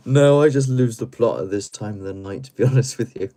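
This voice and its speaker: A man hosting a late-night live stream from home, chatting in a rambling, giggly, playful way, swinging between loud bursts and mumbles. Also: on the low side. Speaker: livestream host.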